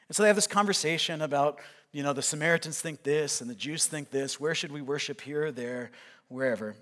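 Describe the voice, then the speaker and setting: A man's voice: on the high side, normal speed, fairly bright tone. A male pastor preaching a sermon, retelling a scripture story in a conversational way.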